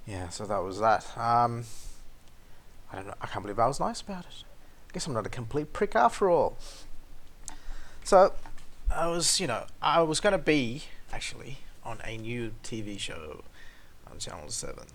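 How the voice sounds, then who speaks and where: A man telling a story as a vlogger, swearing a lot and swinging between loud outbursts and low mutters. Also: sing-song, normal speed. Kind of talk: casual storytelling rant.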